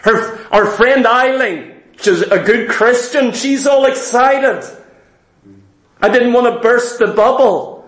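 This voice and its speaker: High-voiced preacher man telling a story. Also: reverberant. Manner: animated, repetitive storytelling with dramatic slowdowns. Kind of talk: sermon storytelling.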